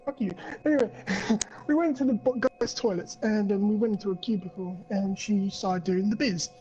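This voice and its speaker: A man's voice: sits high, normal speed, warm tone, muffled recording, faint music behind. A young man on a podcast, rambling through a crude story and swearing a lot. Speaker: podcast co-host. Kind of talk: casual chat.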